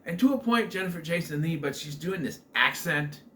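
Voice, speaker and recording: A man's voice: a little high, animated, a little fast, bright, forceful tone, a little hiss or hum. A man giving a casual spoken film review, rambling, with many fillers and restarts.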